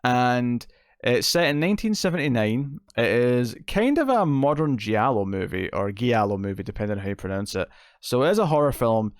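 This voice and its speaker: Guy rambling happily about films he just watched, smooth voice, dead dry mic. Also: mid-range voice, dry recording. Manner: enthusiastic, rambling with fillers and restarts. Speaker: film reviewer, show host. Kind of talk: casual spoken movie review.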